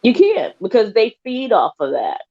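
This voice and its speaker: A woman talking in a casual podcast chat, emphatic and animated, sometimes drifting off topic. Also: a little high, moderate pace. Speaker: guest. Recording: dull lo-fi audio.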